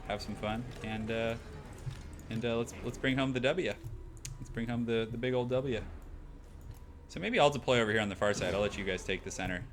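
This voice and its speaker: A man's voice: medium pitch, fairly quick, pauses often, slight background noise. A young man streaming a multiplayer game, chatting upbeat and rambling in a nasal, put-on Australian accent. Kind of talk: casual live-stream gameplay chat. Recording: game music playing behind. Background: game music.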